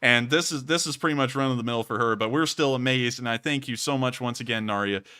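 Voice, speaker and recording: A man's voice: mid-range voice, fast talker, sharp tone, smooth, no echo, clean studio sound. A man hosting a charity livestream who thanks donors effusively and explains the fundraiser. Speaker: livestream host.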